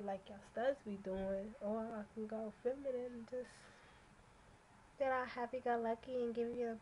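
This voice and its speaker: A woman's voice: medium pitch, mellow, highs cut off, a little hiss or hum. Blunt, cursing young woman vlogging. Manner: blunt, profane, ranting. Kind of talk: casual rambling monologue.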